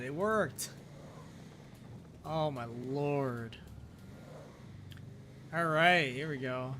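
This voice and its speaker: A man with a fairly high, sharp-toned voice draws out his words and leaves long pauses, with a little hiss or hum audible. He's live-streaming a role-play game and commenting as he talks to himself, swearing often and swinging between frustration and disbelief.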